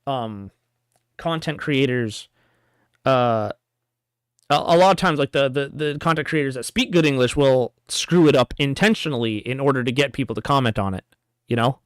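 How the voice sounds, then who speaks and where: A man's voice: medium pitch, normal speed, clear, resonant tone, no echo. Rambling man reacting to a video. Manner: rambling, stops and restarts often, reads comments aloud. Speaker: reaction commentary host. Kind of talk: casual reaction commentary.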